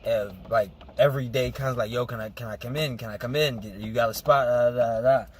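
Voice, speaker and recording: A man's voice: medium pitch, steady tone, fairly quick, a little hiss or hum. A young man telling a story in loose street slang as a podcast co-host. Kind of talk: casual chat.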